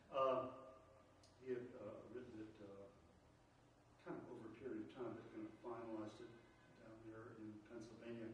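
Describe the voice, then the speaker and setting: A baritone man lectures in a large, echoing hall, picked up from a distance with a faint hum behind him. He stops and restarts often, then lifts his voice for recited passages. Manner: halting, many restarts and fillers, lifts voice when reciting. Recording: roomy hall sound from a distant mic.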